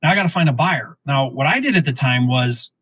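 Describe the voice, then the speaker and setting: A middle-aged man telling a real estate story in casual lesson form, acting out the dialogue with lively restarts. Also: medium pitch, brisk, slightly rough, no room sound, poor audio. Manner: animated, acts out quoted dialogue, frequent restarts. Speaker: real estate investor teaching wholesaling.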